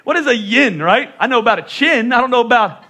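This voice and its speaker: A middle-aged male pastor from the Northeastern US, with a high, bright voice that carries well. He preaches in a loose, conversational way, joking with his congregation. His speech has a clear Northeastern accent. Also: animated, fairly quick. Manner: conversational and joking, with playful voice impressions. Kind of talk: sermon.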